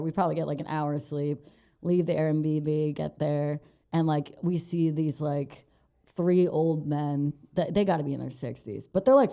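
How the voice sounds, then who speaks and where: A woman's voice: sits low, warm tone. A young adult woman, a comedian, telling a story in casual, profane podcast chat and laughing often. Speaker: comedian guest.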